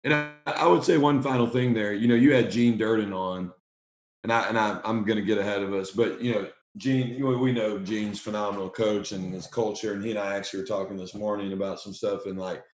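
A man, a basketball coach, talking with excitement as a podcast guest, often repeating himself as he speaks. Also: lowish voice, reverberant. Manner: energetic, talks fast and excitedly, repeats words. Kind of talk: podcast conversation.

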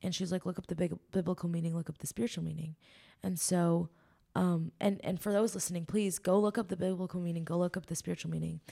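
A woman with a fairly low voice and a gravelly, creaky edge shares a personal faith testimony as a podcast guest. She talks in an earnest, emotional way, rambling through ums and likes as she goes. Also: fairly even intonation, quick pace, dark tone.

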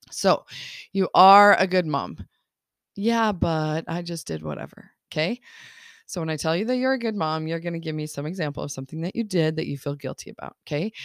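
A woman's voice: low-pitched, dry recording, clean studio sound. A woman life coach hosting her podcast in a casual, upbeat monologue, laughing often as she acts out people's thoughts.

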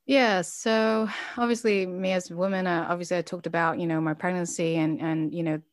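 A woman's voice: lowish voice, fairly even intonation, brisk, dry recording, studio quality. A woman interview guest, a business founder, telling personal experiences in a candid, reflective way with many fillers and restarts. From Chinese heritage.

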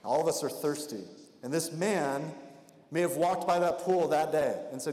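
A man's voice: fairly high pitch, moderate pace, darkish tone. A male pastor preaching in a conversational way, slipping into the voices of the people he describes. His voice rings through a big hall with a long reverb tail. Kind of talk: expository sermon.

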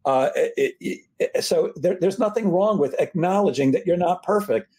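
A man hosting a casual interview, talking in a quick, joking, self-deprecating way. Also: sits high, dark tone, slightly rough. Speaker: podcast host.

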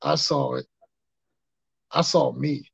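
Gravelly laid-back podcast host guy. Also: mid-range voice, steady tone, slow, no echo. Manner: laid-back slangy banter. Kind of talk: casual chat. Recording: dull lo-fi sound.

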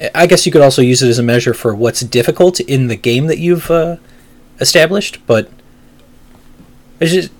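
A man co-hosting a casual gaming news podcast, relaxed and joking as he reads out the next story. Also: a little high. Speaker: podcast co-host.

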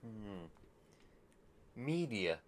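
A man's voice: fairly low pitch, very animated, extremely slow. A young man as a podcast guest in casual chat, laid-back with brief dry replies.

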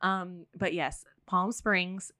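Bubbly woman cohost, kinda low voice, chatty, laughs a lot, dry sound. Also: steady tone, slow, bright, forceful tone, no echo. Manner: chatty, bubbly, laughs often, many fillers. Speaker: podcast co-host. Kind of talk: casual chat. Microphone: studio mic.

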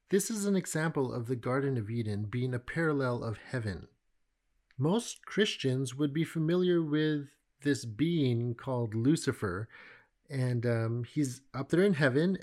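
Conversational middle-aged Bible teacher. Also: male voice, medium pitch. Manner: conversational, animated storytelling.

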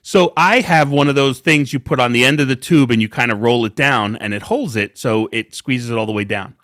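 A man's voice: medium pitch, a little fast, fairly bright tone, no room sound, clean studio sound. A man hosting a podcast in casual chat, joking and teasing as he sets up segments. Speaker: podcast host.

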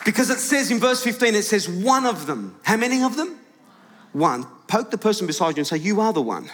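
A male pastor preaching a lively sermon to his congregation, questioning the room and shouting at its peaks. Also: high-pitched, a little fast, a faint crowd. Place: large church hall with congregation. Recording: live church hall with long reverb.

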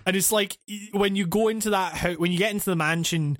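A man with a fairly high voice co-hosting a casual podcast. He rambles through his points with many restarts and fillers, recorded dry with no room sound. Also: fast, a bit bright, dry recording. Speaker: podcast co-host.

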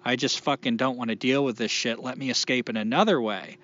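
A man's voice: medium pitch, steady tone, fairly quick, a bit bright. A man co-hosting a casual podcast, rambling and swearing freely, poking fun at himself. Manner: rambling, profane, self-deprecating. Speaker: podcast co-host. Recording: dull lo-fi podcast recording.

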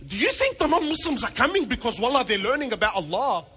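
A man preaching a sermon in a very high, bright, husky voice. His pitch swings all over as he jokes and throws rhetorical questions at the congregation, dropping Arabic phrases throughout. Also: fast talker, hardly any pauses, soft background music. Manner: animated, joking, rhetorical questions; peppers speech with Arabic phrases.

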